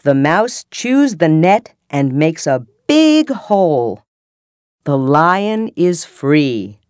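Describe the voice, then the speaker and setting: A woman's voice: sits low, sing-song, extremely slow, darkish tone, clear, resonant tone, dry recording. A woman narrator reading a simple story aloud for learners, carefully enunciated.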